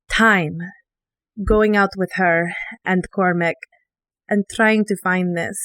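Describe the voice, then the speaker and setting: A woman voicing a grieving adventurer with a put-on accent, speaking in character with halting, emotional pauses. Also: medium pitch, dry recording, lightly acted. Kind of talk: in-character monologue in a tabletop game.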